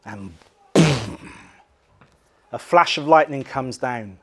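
Taking it slowly, this English-accented male pastor preaches expressively. He shifts between loud dramatized cries and soft, low emphasis.

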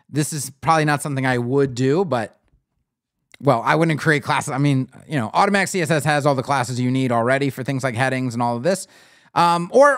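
A man's voice: on the high side, fairly bright tone, dry recording, studio quality. A man hosting a live web design show, thinking aloud in a blunt, opinionated way as he clicks through a builder on screen. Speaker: web design livestream host. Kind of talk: live screen-share tutorial and critique.

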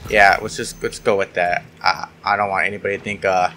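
A man's voice: deep voice, level tone, fairly quick, bright, forceful tone. A young man commentating his online shooter match, sarcastic and swearing, yelping when things go wrong. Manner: sarcastic, swears often, yelps when frustrated. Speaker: gaming YouTuber. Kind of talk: casual gameplay commentary.

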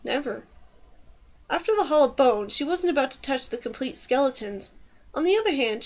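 High-voiced woman narrating a fantasy audiobook. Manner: steady storytelling. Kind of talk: scripted narration.

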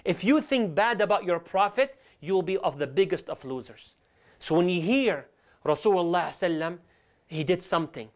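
A man's voice: sits high, expressive, normal speed. A man teaching a religious lesson as a sheikh, talking animatedly and switching between English and Arabic. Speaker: sheikh teaching Islamic stories.

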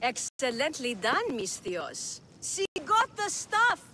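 A woman's voice: medium pitch, expressive, normal speed, a bit bright, slight background noise, natural voice. An actress voicing a sarcastic young female apprentice in a video game, teasing and dry.

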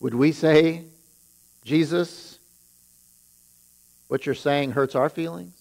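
A man's voice: fairly high pitch, slow, gravelly, a little mellow, poor audio. A man who is a pastor, preaching a sermon and retelling scripture with rising emphasis on its warnings.

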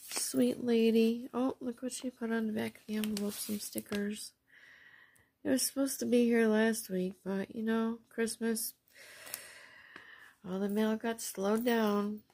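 A woman chatting casually at home as she shows off craft mail and bargain finds, gushing softly and sometimes dropping to a near whisper. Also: on the high side, creaky, husky. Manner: soft, gushing, often drops to a near whisper. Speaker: craft vlogger showing received mail and shopping finds. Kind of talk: casual show-and-tell chat.

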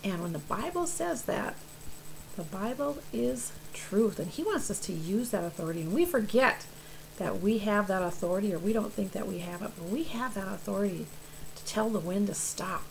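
A woman teaching children's church, telling a Bible story with animated emphasis and questions to the kids. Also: mid-range voice, moderate pace, vocal fry, a little hiss or hum, poor audio.

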